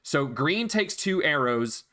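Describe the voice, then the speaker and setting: A man's voice: on the high side, animated, slow, bright, forceful tone. A man acting as dungeon master, patiently explaining rules and counting out moves in casual chat. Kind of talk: narrating a tabletop game.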